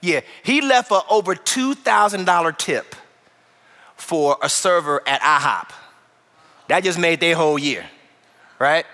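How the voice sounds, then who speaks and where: A pastor from Chicago preaching a sermon, telling stories in an animated way and acting out voices. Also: male voice, on the high side, unhurried, long pauses. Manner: animated storytelling, acts out voices. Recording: long hall reverb.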